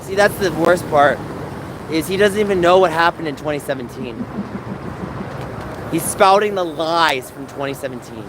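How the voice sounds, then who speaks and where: A man's voice: fairly high pitch, moderate pace, long pauses, noisy background. A man hosting a casual livestream, talking to chat by name and turning confrontational as he defends himself. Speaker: livestream host.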